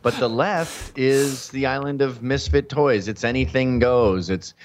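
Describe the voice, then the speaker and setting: A man's voice: medium pitch, unhurried. A man from Canada talking as a guest on a talk show, sardonic and mocking. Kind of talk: casual talk show chat.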